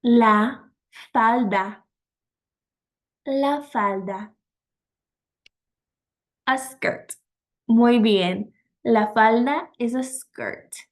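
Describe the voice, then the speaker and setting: A woman teaching vocabulary in a slow, patient, encouraging way, repeating each word and praising the learner. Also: on the high side. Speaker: Spanish teacher. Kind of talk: slow vocabulary lesson with pauses.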